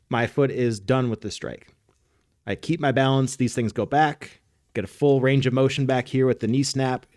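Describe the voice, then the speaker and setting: A soccer coach co-hosts a podcast, casually teaching technique as he demonstrates it. He has a mid-range voice with a darkish tone, recorded in a studio without echo.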